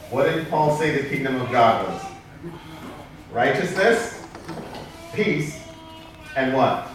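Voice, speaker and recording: A man preaching a sermon as pastor, lively and joking with the congregation. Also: mid-range voice, slow, long pauses, noisy background. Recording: echoey hall from far off.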